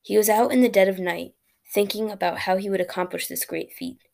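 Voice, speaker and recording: A woman reading a fairy tale aloud as a storyteller, plain and steady, with small slips and restarts. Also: medium pitch, fairly quick, gravelly.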